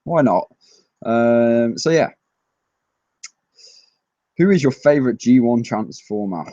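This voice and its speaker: A young man casually answering viewer questions on a live stream, rambling with excitable fan chatter. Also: mid-range voice, slow, dry recording. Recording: dry, slightly dull lo-fi mic.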